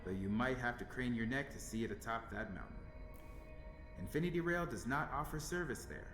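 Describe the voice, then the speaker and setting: A measured male train conductor calls out the stops in an even, wry tone, voiced by a man. His voice sits in a roomy space. Music plays clearly underneath. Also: medium pitch, close to an everyday voice. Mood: calm. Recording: roomy game audio over music.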